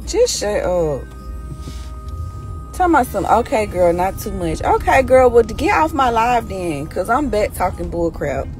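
A hoarse woman chatting casually with her followers on a phone live stream from inside a car, teasing and scolding them. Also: fairly high pitch, sing-song, a little slow, faint music behind. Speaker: social media personality on a live stream.

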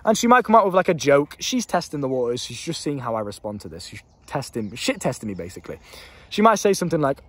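A man's voice: medium pitch, very animated, fast, husky. A young man giving blunt dating advice straight to camera, swearing freely and laughing at himself. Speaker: dating coach. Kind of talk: casual advice monologue to camera.

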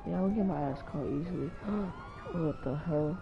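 Excitable young male gamer. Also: a little high, moderate pace, gravelly, highs cut off. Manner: excitable, mild swearing, talks to himself. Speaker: gaming channel host. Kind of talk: live gameplay commentary.

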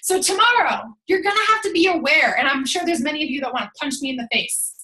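A woman coaching her team over a call, energetic and emphatic, chatty with lots of "like"s. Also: high-pitched, fast, reverberant. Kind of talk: motivational team call talk. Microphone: call audio.

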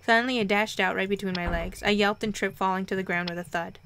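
A young woman reading a visual novel aloud and commenting as she plays, expressive and quick to react. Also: mid-range voice, noisy background. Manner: expressive, reads narration and reacts with excited squeals. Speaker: let's play host.

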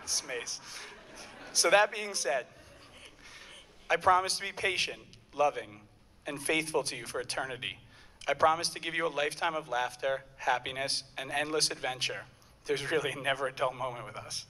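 A man's voice: medium pitch, a little fast, sharp tone. A young man, the groom, reading earnest wedding vows at his ceremony. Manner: earnest, a bit nervous, stumbles once.

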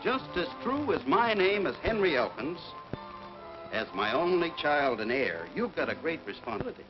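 A man's voice: a little high, sing-song, moderate pace, music in the background. A blustery stubborn father. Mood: earnest. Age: middle-aged. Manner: blustery, fussing, comic exasperation. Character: stubborn middle-aged family man obsessed with land. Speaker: father and husband. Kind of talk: 1940s film comedy acting. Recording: dull 1940s film soundtrack with faint hiss.

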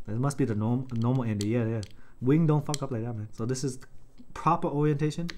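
A man giving casual, joking livestream commentary as he builds a keyboard, excitable and swearing often while talking to his viewers. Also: mid-range voice, a little fast, a little hiss or hum. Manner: excitable, profane, joking, talks to chat.

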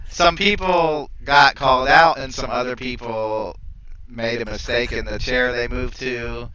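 A man playing a tabletop game, playful and quick to laugh. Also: mid-range voice, bright, forceful tone, clean tone, no room sound, low-quality recording. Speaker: player.

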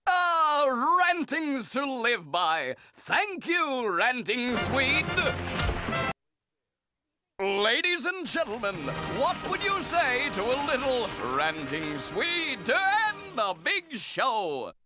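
A man's voice: extremely high pitch, very animated, takes it slowly, over music, full character voice. A man voicing a showman cartoon host who introduces the acts in an emcee manner. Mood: showy. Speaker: show host.

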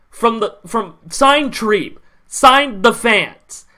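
A man's voice: sits high, animated, takes it slowly, sharp tone. A young man ranting with heavy profanity in a sports recap vlog. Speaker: sports vlogger.

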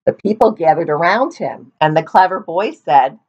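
A woman reads a children's storybook aloud, slipping in playful asides. Her voice sits a little low but moves a lot. The recording is dull and lo-fi. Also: lively intonation, normal speed.

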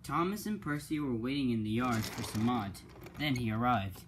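A man's voice: medium pitch, animated, moderate pace, noisy background. Man narrating a simple toy-train story. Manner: plain, simple retelling.

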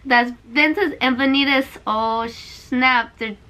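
A woman's voice: sits high, fairly even intonation, takes it slowly, sharp tone. A young woman reacting to a game trailer in a vlog, exclaiming and tearful. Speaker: video reactor. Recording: trailer music playing behind.

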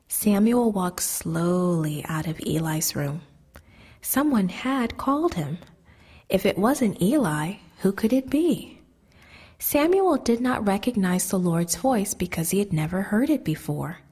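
A woman telling a children's Bible story in a gentle, soft manner, often dropping to a whisper. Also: medium pitch, breathy edge.

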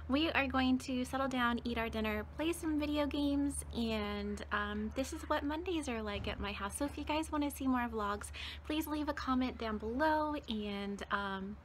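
A bubbly young woman chatting to her camera at home, giggly and quick to exclaim. Her voice is high and bright, with a faint hiss behind it, and she is talking through a lingering cold. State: has a cold. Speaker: vlogger and streamer. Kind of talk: casual vlog chat. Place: home kitchen and computer desk.

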